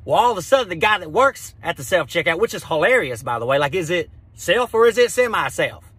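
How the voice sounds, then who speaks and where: A man's voice: high-pitched, sing-song, a bit bright, breathy edge, dry recording. A man doing stand-up, telling a story with crude, exasperated rants. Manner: exasperated, crude, rapid ranting. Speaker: stand-up comedian.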